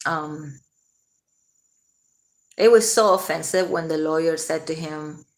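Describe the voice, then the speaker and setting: A woman's voice: low-pitched, takes it slowly. A woman vlogging casually, rambling and laughing often as she talks. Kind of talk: casual commentary to camera.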